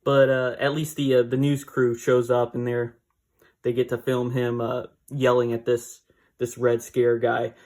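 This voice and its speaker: A man's voice: mid-range voice, level tone, unhurried, a little mellow. A man casually recapping a comic book issue, rambling with fillers and small laughs.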